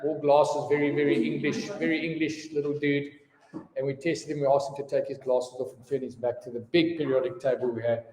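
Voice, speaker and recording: A man's voice: mid-range voice, flat delivery, fairly quick, a little mellow. Chatty male teacher in an echoey classroom. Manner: chatty, storytelling asides. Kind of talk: classroom lesson. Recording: echoey room with long reverb.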